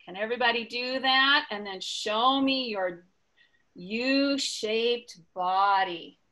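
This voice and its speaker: A woman's voice: fairly high pitch, bright, forceful tone. A woman educator leading a children's drawing lesson, encouraging and full of praise as she explains each step. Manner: encouraging, slow and sing-song, praises often.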